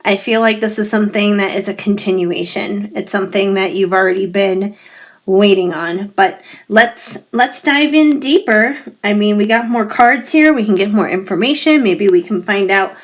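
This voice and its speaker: A woman giving a pick-a-card tarot reading, gentle and reassuring, talking straight to her viewers while her voice keeps fading and she often clears her throat. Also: medium pitch, normal speed. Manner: gentle, musing, reassuring, speaks directly to viewers.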